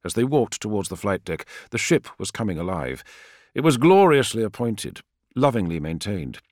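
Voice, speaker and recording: Expressive male audiobook narrator. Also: lowish voice, moderate pace, no room sound, clean studio sound. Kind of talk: scripted narration.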